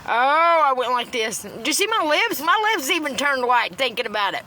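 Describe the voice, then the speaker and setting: High, bright-voiced woman ranting profanely. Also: very animated, moderate pace, slight background noise. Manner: profane, blunt and rambling. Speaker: TikTok livestreamer. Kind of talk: ranting casual monologue.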